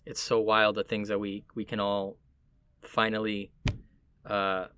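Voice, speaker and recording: A man from Puerto Rico in casual conversation, chatty and quick to laugh as he tells stories. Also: lowish voice, slight background noise. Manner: chatty, animated storytelling, laughs easily.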